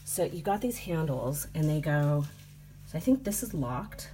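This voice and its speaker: American woman vlogger, low voice, tired, rambling casual chat, faint room noise. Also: lively intonation, unhurried, mellow. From United States. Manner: rambling, filler-heavy storytelling with frequent "like" and "you know". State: tired, sleep deprived. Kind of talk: casual travel vlog chat. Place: small apartment indoors. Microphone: phone.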